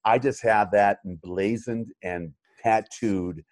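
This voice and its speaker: A man's voice: on the low side, fairly even intonation, slow pace, no room sound. A middle-aged man, a chiropractor and coach, talking in a casual interview, rambling with many fillers and restarts.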